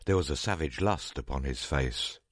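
Very deep-voiced male narrator. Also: dry recording, clean studio sound. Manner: measured, dramatic narration. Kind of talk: audiobook story reading.

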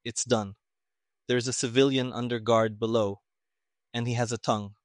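A man voicing a calm young civilian detective who speaks flatly and tonelessly, in an audiobook reading. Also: mid-range voice, moderate pace, no echo, studio quality, close to an everyday voice. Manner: flat, toneless, clipped.

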